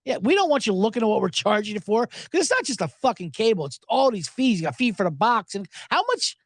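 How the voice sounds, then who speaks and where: A man's voice: high-pitched, fast talker, no echo, clean studio sound. A man hosting a podcast, telling a comic story in an exasperated, riffing way. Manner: animated, exasperated riffing with swearing. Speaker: comedian and podcast host.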